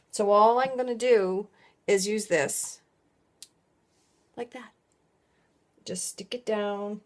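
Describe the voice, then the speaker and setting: A middle-aged woman's slightly mellow, medium-pitched voice fills a laid-back craft video recorded at home. She rambles conversationally as she works and keeps stopping partway through her thoughts.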